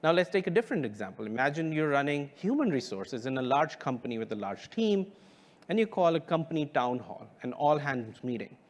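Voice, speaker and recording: A man giving a keynote as a company founder. He speaks in a measured, emphatic way with deliberate pauses. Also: fairly high pitch, big pitch swings. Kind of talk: keynote presentation.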